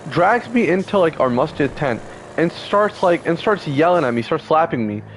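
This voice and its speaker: Young man in his 20s, upset and heated, swears a lot, voice a bit high and swinging widely, faint traffic behind. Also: sing-song, normal speed, low-quality recording. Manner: heated, profane, repetitive fillers. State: upset, close to tears. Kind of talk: emotional personal storytelling.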